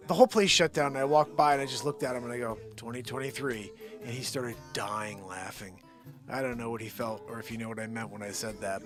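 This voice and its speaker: A man hosting a live comedy show, telling a rambling story in an animated way and chatting with viewers. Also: fairly high pitch. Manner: rambling, animated, talks to unseen chat viewers. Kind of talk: comic storytelling monologue.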